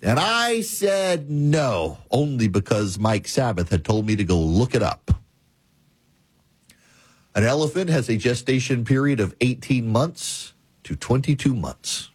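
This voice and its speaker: A male talk show host telling a story and giving commentary in a measured, repetitive cadence. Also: medium pitch, sing-song, slightly rough, dry recording.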